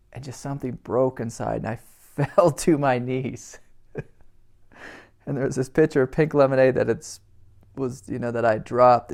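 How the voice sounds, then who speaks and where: A middle-aged man with a gravelly, mid-pitched voice recounts a personal story. He speaks in a reflective, halting way and laughs softly between phrases. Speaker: spiritual teacher.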